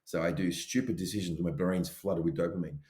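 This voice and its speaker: A man co-hosting a podcast in casual chat, animated as he acts out his inner voices. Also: sits low, fairly quick, roomy sound. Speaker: podcast co-host.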